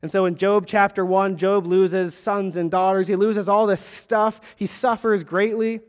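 Middle-aged male pastor, high voice, emphatic sermon cadence, long hall reverb. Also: fairly even intonation. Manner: emphatic, rising and falling delivery with long pauses.

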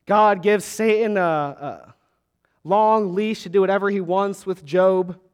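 Middle-aged male pastor, high voice, emphatic sermon cadence, long hall reverb. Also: steady tone, a little mellow, smooth. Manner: emphatic, rising and falling delivery with long pauses.

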